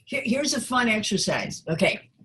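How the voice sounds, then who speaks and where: A woman voice actress and coach chatting casually in an interview, relaxed and playful, with plenty of fillers. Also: mid-range voice, normal speed.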